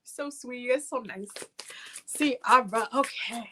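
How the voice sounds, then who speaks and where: A woman's voice: on the high side, slow, very noisy. A young woman giving a casual livestream oracle card reading. She rambles, fills her talk with "like," and calls her viewers pet names.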